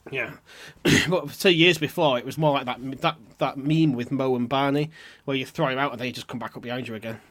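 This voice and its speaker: A man's voice: mid-range voice, steady tone, fairly quick, fairly bright tone. A man, co-hosting a podcast and telling a story with lots of swearing and mock drama. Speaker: podcast co-host.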